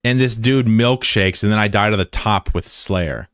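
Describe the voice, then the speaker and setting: A man streaming as the developer of his own game, chatting casually and swinging between excited shouting and muttered frustration. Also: on the low side, moderate pace, clean tone, dry recording, clean studio sound. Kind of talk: casual livestream chat.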